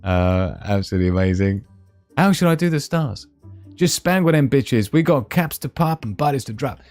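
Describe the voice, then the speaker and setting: A man's voice: medium pitch, animated, moderate pace, a little mellow, dry recording, soft background music. A man hosting a casual live stream, chatting and laughing as he reads out memes. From Scotland.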